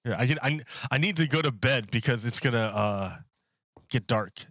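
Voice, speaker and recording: A man streaming a video game, chatting casually in a rambling, animated way and restarting his sentences often. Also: medium pitch, moderate pace, no echo, muffled recording. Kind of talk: casual chat while gaming.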